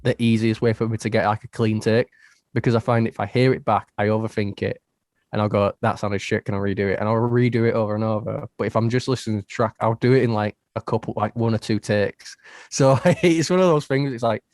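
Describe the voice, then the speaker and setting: Laughing storyteller host, dry sound. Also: male voice, fairly low pitch, steady tone, brisk, darkish tone, dry recording. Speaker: podcast host. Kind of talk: casual storytelling.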